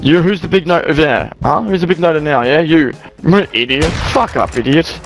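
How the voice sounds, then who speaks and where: A man's voice: on the high side, fairly quick, over music. A young Australian man in heated gaming voice chat, swearing and mocking another player. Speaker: online game player.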